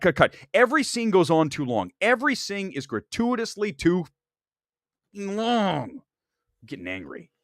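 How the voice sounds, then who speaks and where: Man, live-stream movie host, animated rant, swooping lively pitch, dry close sound. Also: no echo. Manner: animated, ranting, talks straight to the chat. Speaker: movie talk show host.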